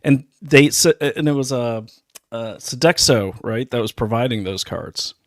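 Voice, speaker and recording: A man hosting an interview, casual and incredulous, with quick joking asides. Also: mid-range voice, dry recording, studio quality. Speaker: host.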